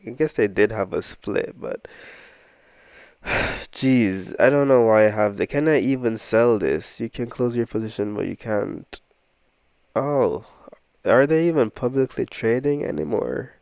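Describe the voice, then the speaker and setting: A man's voice: medium pitch, unhurried, creaky, a little mellow, clean tone, dry recording. A man casually walking through his stock portfolio, rambling and self-deprecating as he thinks aloud. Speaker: investing vlogger.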